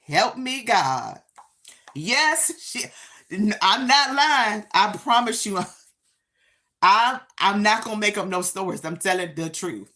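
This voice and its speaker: Slow, bright-voiced woman telling a story. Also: medium pitch, animated. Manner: emphatic, drawn-out phrases, talks straight to viewers. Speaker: live stream host. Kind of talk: casual storytelling to viewers.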